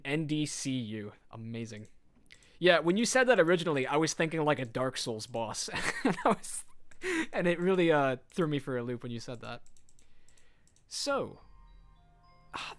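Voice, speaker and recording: A man casually commenting while streaming a game, joking and reading in-game notes aloud. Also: medium pitch.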